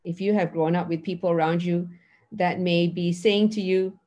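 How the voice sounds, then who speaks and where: A middle-aged woman giving an earnest mindfulness teaching talk, acting out dialogues with lively emphasis. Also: on the low side, normal speed.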